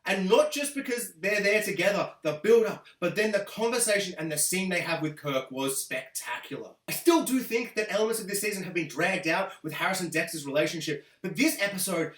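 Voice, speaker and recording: A man giving an excitable, gushing TV episode review, laughing often and dropping into voices to quote characters. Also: high-pitched, recorded from a distance. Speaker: TV review host. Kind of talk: enthusiastic spoken TV review. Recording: roomy echo, a bit off-mic.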